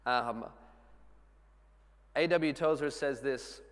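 A man in his thirties preaching a sermon, telling a family story with earnest warmth and laughing at himself now and then. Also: mid-range voice, fairly quick. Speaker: pastor. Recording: long hall reverb.

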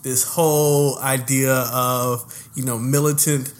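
A young man co-hosting a podcast in a relaxed, joking way, often hesitating with fillers. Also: mid-range voice, takes it slowly. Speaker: podcast co-host. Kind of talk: casual chat.

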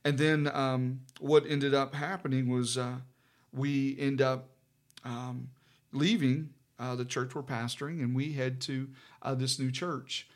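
Halting, storytelling male pastor. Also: medium pitch, level tone. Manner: halting, many fillers and restarts. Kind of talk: personal storytelling in casual conversation.

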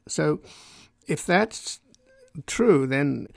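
A man's voice: fairly high pitch, unhurried, vocal fry, no room sound. A man hosting a radio interview, asking long, probing questions. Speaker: radio host.

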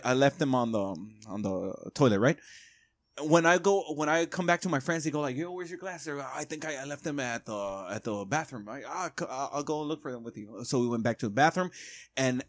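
A man's voice: mid-range voice, dry recording. Man from Mexico telling a crude story. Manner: storytelling, crude, acts out quotes. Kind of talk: casual chat.

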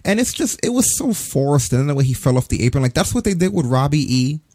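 A man's voice: on the high side, sing-song, fast talker, mellow, dry recording. A man in his forties ranting profanely in a casual podcast chat. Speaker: podcast co-host. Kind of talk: casual wrestling review chat.

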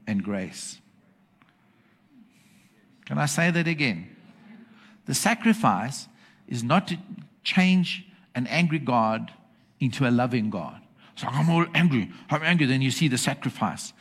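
This church preacher delivers his sermon slowly in an expressive, mid-range voice, pausing often. He drives his points home emphatically and repeatedly seeks the congregation's agreement to make sure they're with him.

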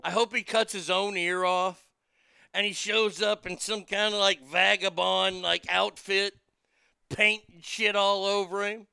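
A man's voice: high-pitched, little pitch movement, measured pace, vocal fry, bright, forceful tone, smooth, no room sound. A man hosting a casual talk show who reads news items aloud and riffs on them, brash and profane, laughing at his own jokes. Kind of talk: casual political commentary.

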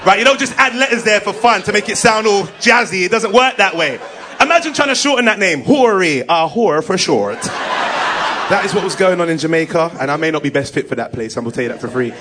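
Fast-talking man telling stories. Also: high voice, a crowd in the background. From England. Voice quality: animated, lively storyteller. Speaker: stand-up comedian. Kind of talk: live stand-up storytelling.

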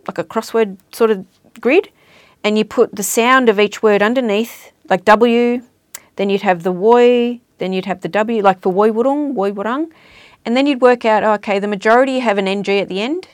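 A woman's voice: medium pitch, dry recording, studio quality. A woman talking casually as an interview guest about language and culture, explaining things in a chatty way. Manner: chatty, explanatory, trails off at ends of points.

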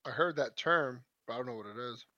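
A man co-hosting a podcast in casual chat, laid-back and quick to swear. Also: mid-range voice, sharp tone, no room sound, dull audio. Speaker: podcast co-host.

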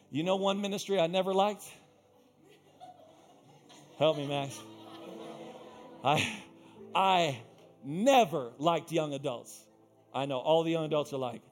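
A male pastor preaching a sermon, swinging between quiet asides and loud emphatic peaks, with playful self-teasing humor. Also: a little high.

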